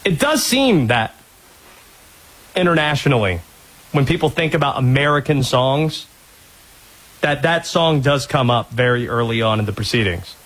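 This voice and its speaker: A man from North Carolina hosting a sports talk radio show, dry and sarcastic, telling lively stories. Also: mid-range voice, moderate pace, long pauses. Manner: sarcastic, animated storyteller.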